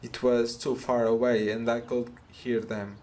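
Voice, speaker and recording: A man's voice: mid-range voice, level tone, unhurried, mellow, natural voice. A man voicing a meek young hero who stammers and apologizes while reading game dialogue aloud. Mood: hesitant. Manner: hesitant, stammering.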